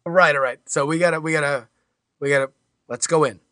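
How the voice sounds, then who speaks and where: Player, male, bright and animated voice, joking banter, close and dry sound. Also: on the high side, a little fast, no room sound. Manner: joking, in-character banter as a cop. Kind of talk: improvised tabletop role-play.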